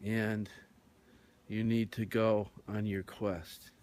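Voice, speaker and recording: A man voicing a gentle, angel-like male visitor in a dream, who speaks in a soft, coaxing, unhurried way. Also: on the low side, flat delivery.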